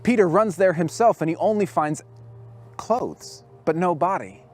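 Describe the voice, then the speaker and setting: Man, fairly high voice, sermon, storytelling, softens for quoted lines. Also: a little slow, soft background music. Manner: storytelling, dropping low and soft for quoted words. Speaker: youth camp speaker.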